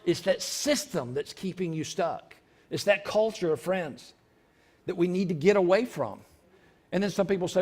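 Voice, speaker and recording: A man preaching a sermon in church, repeating lines for emphasis and breaking into loud shouts. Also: sits high, expressive, moderate pace. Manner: preaching with sudden shouted outbursts; repetitive, emphatic delivery. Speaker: pastor. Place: church sanctuary.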